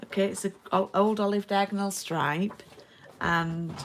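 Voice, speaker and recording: A woman's voice: medium pitch, fairly even intonation, measured pace, a little hiss or hum, low-quality recording. A woman giving a chatty live-streamed card-making lesson and greeting viewers by name. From England.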